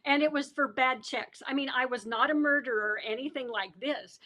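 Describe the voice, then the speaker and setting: Middle-aged woman author, high voice, animated storyteller, quick to laugh. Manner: animated storyteller who acts out quoted voices and laughs often. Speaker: author guest. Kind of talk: storytelling in a podcast interview.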